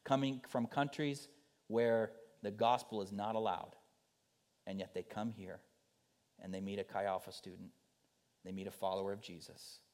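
A man preaching a sermon as a missionary speaker, rising to urgent pleas and dropping to soft, quiet lines. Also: low voice. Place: church.

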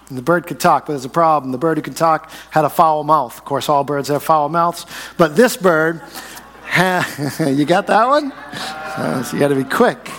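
A man in his forties preaches in a church sanctuary with a slightly high, conversational voice, tossing questions to the pews and drawing out key words. A long reverb hangs after each phrase. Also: a bit bright. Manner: conversational, asks the congregation questions, slows to stress key phrases. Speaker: pastor. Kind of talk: sermon with jokes and a story.

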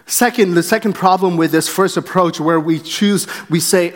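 A man with a fairly high voice preaches an earnest sermon, stopping to act out quick quotes and restarting his phrases mid-thought. His words ring through a church sanctuary with a long reverb. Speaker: pastor.

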